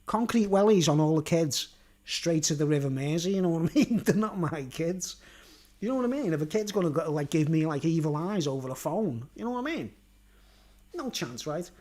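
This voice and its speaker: A man's voice: a little high, expressive, fairly quick, darkish tone. Rambling sweary man. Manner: rambling, keeps tagging "right?" and "you know what I mean?"; blunt and sweary, with frequent chuckles. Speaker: vlogger. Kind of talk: rambling monologue.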